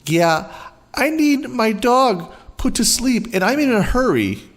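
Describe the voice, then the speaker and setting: A man's voice: very high-pitched, big pitch swings, a little slow, pitched above the performer's own voice, exaggerated voice. A man voicing a rude, impatient entitled mother who snaps, swears and makes demands, in a storytelling video. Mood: impatient, snapping.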